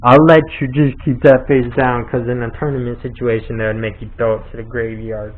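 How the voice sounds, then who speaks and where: A man's voice: medium pitch, level tone, brisk, phone-quality sound. A man giving a casual play-by-play of a card game, explaining the rules as he goes and laughing easily.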